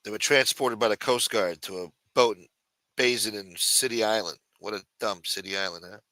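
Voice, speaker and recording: Bright-voiced man ranting on a livestream. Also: lowish voice, moderate pace, dry recording. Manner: rambling, profane, sarcastic. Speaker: host. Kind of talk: casual livestream commentary.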